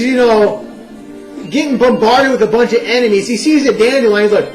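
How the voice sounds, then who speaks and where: A young man giving a casual, animated first-impressions game review, full of "you know" and "like.". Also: extremely high pitch, normal speed, faint music behind, rough recording. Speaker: video game vlogger.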